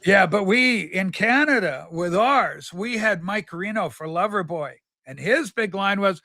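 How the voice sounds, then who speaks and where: A man's voice: sits high, lively intonation, unhurried, hardly any pauses, bright, forceful tone, dry recording, clean studio sound. A man hosting a livestream in a campy, rambling chat, telling stories in a flamboyant persona. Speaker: livestream host. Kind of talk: casual chat.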